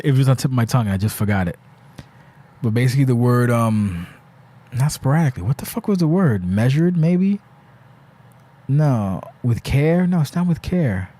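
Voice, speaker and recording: A man's voice: fairly low pitch, a little mellow. A man hosting a solo podcast, rambling and ranting with lots of swearing, restarts and searching for words. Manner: rambling, profane, exasperated ranting with frequent restarts. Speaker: podcast host.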